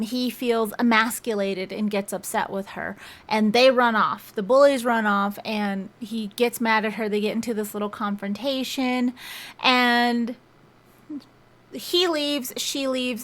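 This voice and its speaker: A young woman with a slightly high voice recaps a story in an easy, rambling vlog manner. She chains one clause to the next with "and" and "like," as if talking to friends. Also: fairly bright tone. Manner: chatty, strings clauses with "and" and "like". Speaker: book reviewer. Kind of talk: casual plot retelling.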